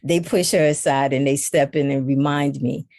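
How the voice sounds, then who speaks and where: A woman talking candidly as an interview guest, animated, often acting out quoted dialogue. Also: rumbling low, moderate pace, no room sound, studio quality.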